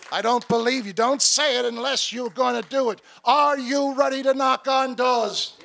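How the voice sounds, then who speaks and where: A man's voice: very high voice, fairly even intonation, fairly quick, gravelly, very noisy, exaggerated voice. A man playing a fiery revolutionary founding father, giving an impassioned, emphatic political speech from a stage at a podium microphone. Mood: rousing. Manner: impassioned, emphatic, calls out to the crowd. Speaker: keynote speaker. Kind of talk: rousing political speech in character. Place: stage at a large gathering.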